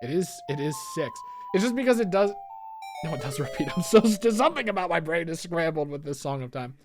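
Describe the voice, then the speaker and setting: A man's voice: fairly high pitch, animated, brisk, over music. A young man with a Philadelphia accent, rambling casually as he comments on his gameplay, full of fillers and restarts. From Philadelphia, USA. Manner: rambling, musing aloud, many fillers and restarts. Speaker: let's play gamer.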